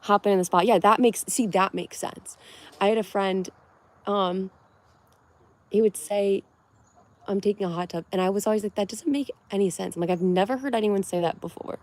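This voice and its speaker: A woman's voice: medium pitch, moderate pace, a little mellow. Giggly woman chatting on a livestream. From Connecticut, USA. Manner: chatty and giggly, answering chat comments. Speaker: livestream host. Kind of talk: casual livestream chat with viewers.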